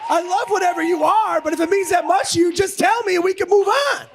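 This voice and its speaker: A middle-aged man doing a stand-up set, loud and profane, often shouting as he rants. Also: extremely high pitch, quick pace, vocal fry, a faint crowd. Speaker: stand-up comedian. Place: comedy club stage. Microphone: handheld stage mic. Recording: noisy club recording. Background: audience laughter.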